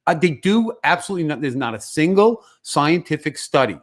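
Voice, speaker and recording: A man's voice: a little high, sing-song, fairly quick. A man, a guest on a casual podcast, ranting in a heated, emphatic way with plenty of swearing.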